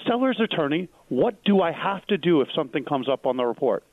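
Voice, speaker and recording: A man's voice: on the high side, sing-song, a little fast, no room sound, phone-quality sound. A man co-hosting a real estate radio show, explaining things patiently and posing rhetorical questions. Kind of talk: call-in radio advice.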